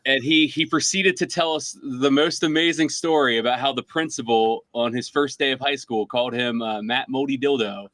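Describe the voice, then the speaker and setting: A man's voice: mid-range voice, moderate pace, hardly any pauses, fairly bright tone, dry recording. A man hosting a collectibles podcast, chatting casually and laughing readily. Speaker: podcast host. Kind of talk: casual chat.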